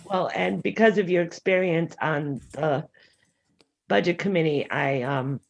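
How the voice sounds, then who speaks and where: A woman who is the council president, chairing a meeting in a brisk, procedural way with frequent fillers. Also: low voice, creaky. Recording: lo-fi meeting audio.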